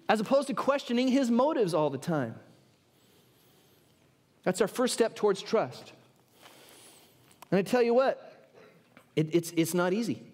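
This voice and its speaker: A pastor delivering a sermon in a strikingly high voice for a man. He tells funny family stories with energy and invites the congregation to answer him. His delivery moves between warm humor and earnest conviction. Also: long reverb tail. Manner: lively storytelling with humor, calls for audience response.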